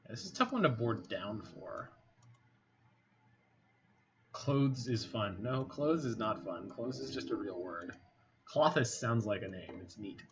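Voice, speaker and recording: A man's voice: fairly low pitch, animated, unhurried, long pauses. A man giving casual commentary over a card game, thinking aloud with a wry, muttering manner. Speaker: game streamer. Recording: slightly dull home mic with faint noise.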